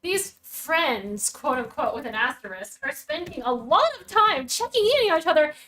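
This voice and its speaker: A woman hosting a casual stream, reacting to a story with rambling, animated chat and the odd swear. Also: high-pitched, moderate pace, rough recording. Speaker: stream host reacting to a web serial.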